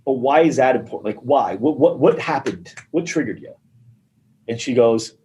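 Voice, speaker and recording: A man with an ordinary mid-range voice tells a story in a loose, animated way. He slips into the voices of the people in the story as he goes. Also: mid-range voice, brisk, low-quality recording. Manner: animated storyteller acting out dialogue. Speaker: gym marketing guest. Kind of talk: casual storytelling interview.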